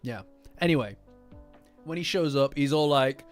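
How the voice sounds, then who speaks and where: A young man with a British accent chatting casually as a manga reaction streamer, swearing freely, answering live comments and acting out characters in quick asides. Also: a little high. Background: soft lofi music.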